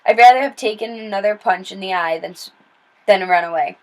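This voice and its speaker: A woman reading a children's novel aloud in steady, plain storytelling with small slips and restarts. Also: mid-range voice, a little fast, rough recording. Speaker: read-aloud narrator.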